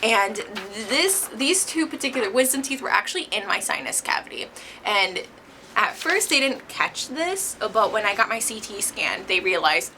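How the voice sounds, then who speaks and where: A young woman chats casually into her camera from a hospital room, still recovering from oral surgery. Her voice has a gravelly, fried edge, and she giggles a lot between thoughts. The recording is noisy, with plenty of hiss behind her. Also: mid-range voice, animated, moderate pace, bright, forceful tone. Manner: chatty, giggly, laughs often. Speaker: vlogger. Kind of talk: casual chat.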